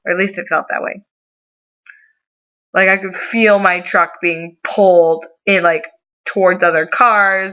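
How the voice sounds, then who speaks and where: A young woman vlogger with a bright, sharp voice tells a story to camera in a chatty, theatrical way. She plays every moment up for drama. The audio is slightly muffled and lo-fi. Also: mid-range voice, a little slow. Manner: animated, over-the-top storyteller who dramatizes. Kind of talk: casual storytelling vlog.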